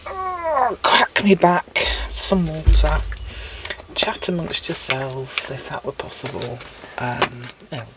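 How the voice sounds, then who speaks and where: A woman's voice: extremely low pitch, slow pace, noisy background. A woman giving a casual tarot reading, chatty and rambling, with self-mocking asides. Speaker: tarot reader. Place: indoors at a table with cards.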